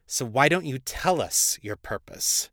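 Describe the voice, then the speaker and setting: A man voicing a proud, sharp-tongued female vampire queen in a storybook reading. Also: fairly low pitch, unhurried, dry recording, clean studio sound. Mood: impatient. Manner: snappish.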